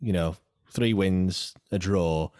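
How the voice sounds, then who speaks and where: A man's voice: low voice, slow, warm tone, no echo, clean studio sound. A man co-hosting a casual football podcast, talking hesitantly with frequent restarts. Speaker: podcast co-host.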